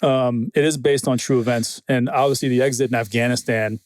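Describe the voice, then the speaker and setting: Male podcast guest, mid-pitched, animated, foul-mouthed storyteller, dry close mic. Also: fairly quick, no echo. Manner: animated storyteller, swears freely, quotes others. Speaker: guest, military film consultant. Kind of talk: casual podcast conversation.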